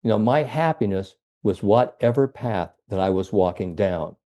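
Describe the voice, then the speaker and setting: A man voicing a calm, wise old male tomcat in a spoken fable. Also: fairly low pitch, normal speed, lightly acted.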